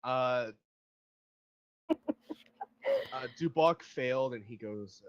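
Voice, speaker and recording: A man runs a tabletop game as its narrator, hesitant and pausing often. His pitch is middling, and the audio sounds dull and lo-fi. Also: expressive. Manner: hesitant, full of fillers. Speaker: game master.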